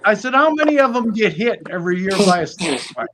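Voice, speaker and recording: A man's voice: high-pitched, big pitch swings, fast talker, noisy background. A man spins folksy, casual stories. He swears freely and throws himself into the voices of the people he quotes, the way you would at a kitchen table. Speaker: snake keeper on live stream. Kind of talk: casual storytelling chat.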